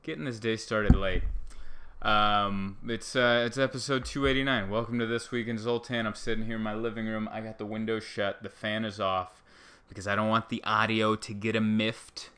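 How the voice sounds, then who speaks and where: A man with a bright, crisp voice rambles through a casual solo show, recorded at home on a laptop mic. He keeps slipping into sarcastic, self-mocking asides. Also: fairly low pitch, level tone, moderate pace. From Southern California. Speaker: podcast host. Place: living room at home. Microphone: microphone into a laptop.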